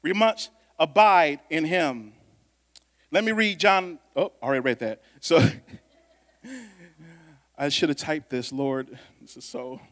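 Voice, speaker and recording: High-voiced preacher in a reverberant hall. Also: male voice, slow, long pauses. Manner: conversational, swings from loud emphasis to quiet asides. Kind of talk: sermon. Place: church sanctuary. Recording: long reverb of a church hall.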